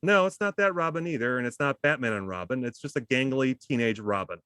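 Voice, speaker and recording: In a clean, echo-free studio recording, a man with a medium-pitched voice tells a funny story briskly during a casual chat. He's animated and self-deprecating, acting out the voices of the people in it.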